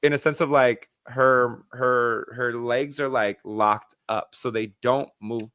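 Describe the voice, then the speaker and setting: A man hosting a podcast, telling stories in lively casual chat full of fillers. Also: medium pitch, slow, clean tone, dry recording, studio quality. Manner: animated storyteller, many filler likes. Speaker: podcast host.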